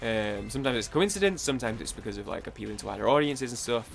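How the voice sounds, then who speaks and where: Playing games on stream, a young Mancunian man rambles casually, stumbling over and repeating words and swearing a lot. He's from Manchester, England, and his medium-pitched voice is animated, quick and creaky.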